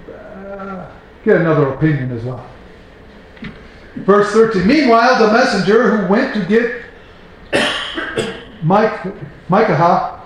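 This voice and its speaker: Man reading scripture in an echoey room. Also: sits high. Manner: reads scripture aloud, then breaks in with casual asides. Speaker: Bible teacher. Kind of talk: informal Bible reading and commentary.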